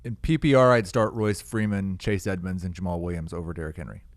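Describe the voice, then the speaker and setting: A man's voice: sits low, fairly even intonation, a little fast, no echo. A man on a sports chat panel, blunt and opinionated in his takes.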